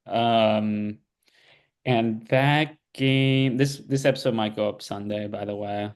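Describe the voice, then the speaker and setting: A man's voice: fairly low pitch, steady tone, slow pace. Laid-back young man talking basketball. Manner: laid-back, rambling with fillers and restarts. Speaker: podcast co-host. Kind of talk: casual sports chat.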